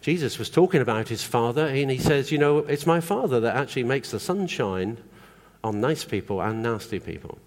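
A man's voice: mid-range voice, animated, fairly quick. A man preaching a sermon in a conversational way, often asking the congregation questions. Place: church hall. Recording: long hall reverb.

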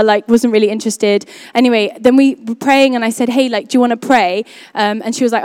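A woman's voice: on the high side, brisk, a little mellow, smooth, no echo, studio quality. A young woman speaking to a church group, telling a personal testimony in a chatty way full of "um" and "like". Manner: chatty, many fillers like "um" and "like".

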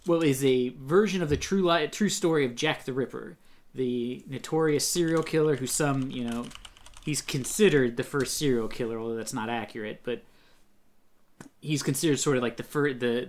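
This podcast co-host rambles in casual chat, trailing off into tangents and breaking into laughter along the way. The voice sits in an ordinary middle register. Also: medium pitch.

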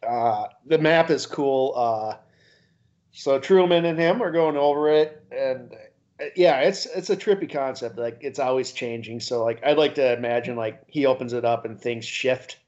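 Brief: male podcast co-host, casual, laughs a lot, swears freely, mid pitch, muffled lo-fi audio. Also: moderate pace, darkish tone. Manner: laughs often while theorizing, loose and profane. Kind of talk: casual chat. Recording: dull lo-fi recording.

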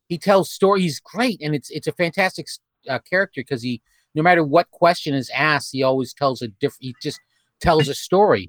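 A man's voice: on the high side, dry recording. A man hosting a casual group conversation over a video call, rambling and restarting often as he asks questions. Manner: rambling, halting with many restarts and fillers. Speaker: podcast host.

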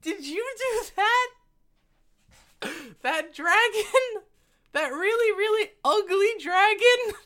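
A man's voice: very high-pitched, lively intonation, slow, sharp tone, pitched above the performer's own voice, exaggerated voice. A man voicing a small awestruck young girl in a tabletop role-play game, with a breathless, wide-eyed delivery. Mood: awed.

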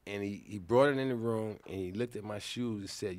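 A man hosting a podcast, asking his guests questions and then telling his own story in a teasing, animated way. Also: fairly low pitch, brisk, slight background noise. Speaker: podcast host. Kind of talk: casual podcast chat.

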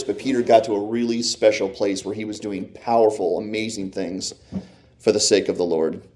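A man of middle pitch leads a relaxed Bible teaching. He retells scripture stories with an animated, storytelling manner and casual fillers. He speaks like a teacher talking with his group rather than preaching at them.

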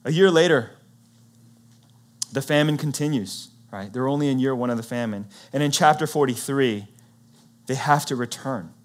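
A man preaching, retelling a Bible story in a conversational, animated way and acting out what the characters say. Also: medium pitch, normal speed, long pauses. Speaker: pastor.

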